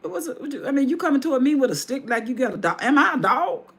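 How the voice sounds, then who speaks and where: A woman's voice: sits high, big pitch swings, voice pushed up. A woman voicing a boastful, scornful giant male warrior who fires off mocking questions. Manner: mocking rapid-fire questions.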